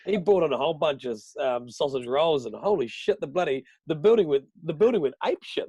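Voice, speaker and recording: NZ radio host as podcast guest; higher male voice, rambling, sweary, dry close sound. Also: brisk, vocal fry, hardly any pauses, breathy edge, no echo. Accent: New Zealand. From New Zealand, Southland. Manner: swears freely, rambling and animated. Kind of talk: casual chat.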